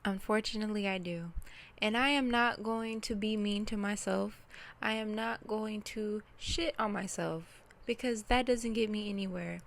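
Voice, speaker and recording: In an unscripted personal reflection, a self-reflection vlogger speaks candidly to camera about her grief, close to tears as she works through her feelings. Her mid-range voice is creaky, fairly even in intonation and at normal speed, and she talks emotionally to both herself and her viewers.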